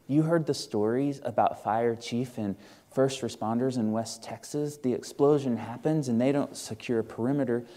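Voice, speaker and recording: A pastor speaking with a Midwestern American accent and a warm, medium-pitched voice gives a sermon in a church sanctuary. He's earnest yet conversational, posing questions to those gathered.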